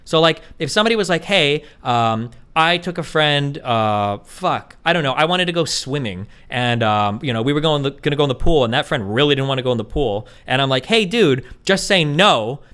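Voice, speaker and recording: A man's voice: mid-range voice, animated, a little fast, few pauses, a bit bright, clean tone. A man hosting a stream, arguing heatedly and profanely in a casual debate, talking over the other speaker. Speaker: streamer host.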